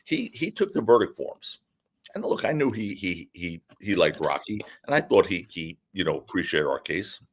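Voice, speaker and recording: A man, a defense attorney, telling a story as a guest in a casual interview, in an animated, lively way. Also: low-pitched, moderate pace, breathy edge.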